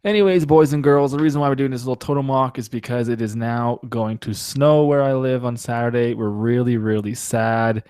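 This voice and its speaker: A man's voice: medium pitch, fairly even intonation, fairly quick, hardly any pauses, a little mellow, smooth, no echo. A man hosting a casual live-stream chat, joking around, laughing often and reading out viewer comments.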